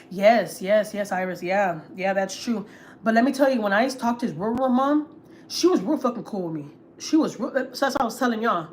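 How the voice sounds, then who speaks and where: A woman's voice: mid-range voice, lively intonation, fairly quick, a little hiss or hum. A woman from Houston, Texas, venting on a casual family vlog livestream; she is blunt and profane and repeats herself for emphasis. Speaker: family vlogger host.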